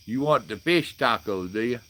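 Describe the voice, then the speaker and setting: Sixty-something guy chatting live with viewers, plainspoken and blunt, bright punchy voice. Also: on the high side. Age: 60s. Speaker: livestream host. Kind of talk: casual live chat reading comments.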